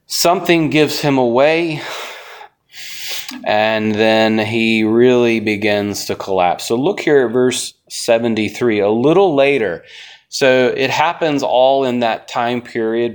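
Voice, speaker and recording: A man leads a Bible study in a relaxed, folksy way. His voice sits a little low, and he keeps putting questions to the class as he goes. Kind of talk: conversational Bible lesson.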